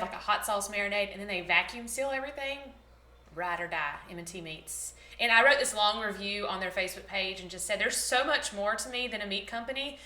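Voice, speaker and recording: A woman's voice: mid-range voice, sharp tone, reverberant. A woman, chatting casually in a rambling, bubbly vlog style. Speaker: vlogger, former teacher.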